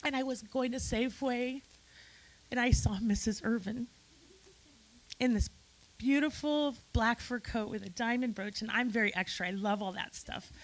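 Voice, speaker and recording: A woman's voice: on the high side, normal speed, poor audio. Emotional woman giving a eulogy. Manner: tearful, effusive, talks straight to friends in the room. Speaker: eulogy speaker. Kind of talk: emotional memorial speech. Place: memorial gathering in a hotel.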